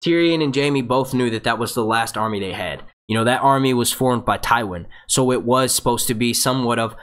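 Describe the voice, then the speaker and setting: A man's voice: medium pitch, fairly quick, a bit bright. A man hosting a fan review show, rambling through a live question-and-answer breakdown, reading out viewer questions and restarting his sentences. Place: home setup, phone nearby.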